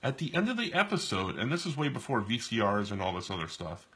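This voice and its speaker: Husky guy from new york chatting while he sketches, bright voice, pitch jumping all over, lots of restarts. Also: fast talker. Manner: animated, rambling storyteller with many restarts. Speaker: co-host and artist drawing live. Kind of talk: casual chat while drawing. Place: indoors, live stream.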